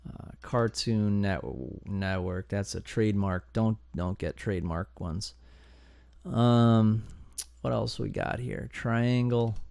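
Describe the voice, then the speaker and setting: A man hosting a domain investing channel, talking through a live screen-share tutorial in an excitable, chatty way, thinking aloud as he goes. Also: on the low side, gravelly, dry recording. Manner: excitable and chatty, bursts of enthusiasm and groans.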